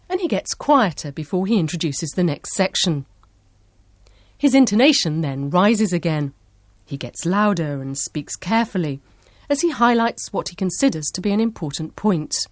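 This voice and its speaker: A woman narrating a study-skills lesson in a clear, measured, instructive way. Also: lowish voice, a little mellow, dry recording. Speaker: course narrator. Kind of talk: scripted educational narration.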